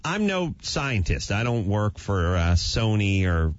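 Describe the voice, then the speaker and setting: A man's voice: lowish voice, very animated, unhurried, no echo. Man, radio show host, playful crude joker, close dry mic, muffled broadcast quality. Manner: joking, riffs on crude gags. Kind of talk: casual radio banter. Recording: dull lo-fi radio sound.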